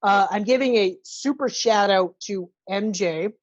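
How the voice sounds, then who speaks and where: A woman's voice: mid-range voice, unhurried, no echo, dull audio. A woman co-hosting a podcast, chatting casually and gushing enthusiastically about a movie, swearing freely. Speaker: podcast co-host. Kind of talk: casual movie review chat.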